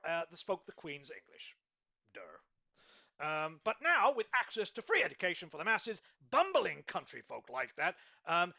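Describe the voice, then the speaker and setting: Pompous guy playing a business guru, high bright voice that swoops all over. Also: creaky. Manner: pompous, mock-serious guru tone with frequent ums. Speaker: host of a mock business advice show. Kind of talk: deadpan satirical advice show.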